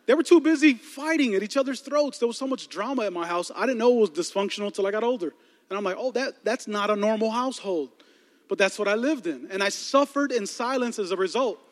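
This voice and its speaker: A man preaching a sermon to a crowd, playful and animated, telling stories and doing voices for the people in them. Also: high-pitched, fast, in a large hall. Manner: lively, playful, acts out movie scenes with voices.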